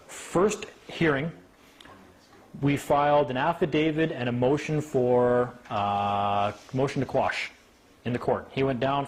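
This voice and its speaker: A man giving an informal talk to a small group, animated, acting out the people he quotes and often asking "right?". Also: medium pitch. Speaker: speaker at a meeting.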